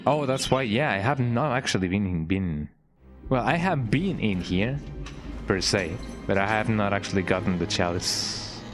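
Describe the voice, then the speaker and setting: A man's voice: lowish voice, animated, unhurried. A man streaming a video game, rambling casually and tagging his lines with "eh?". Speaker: gaming streamer. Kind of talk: casual let's play commentary. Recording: game music playing behind.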